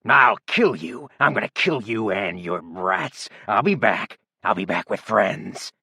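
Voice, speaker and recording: A man reading an audiobook, voicing a violent, menacing male attacker who snarls and shouts his threats. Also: low-pitched, very animated, a little slow, dry recording, clean studio sound, pitched below the performer's own voice, heavily acted. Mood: raging.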